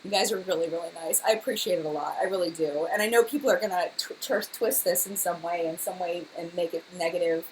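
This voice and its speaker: A woman's voice: lowish voice, quick pace, few pauses, a little hiss or hum, low-quality recording. A young woman hosting a casual live chat, chatty and emotional, talking to her viewers by name.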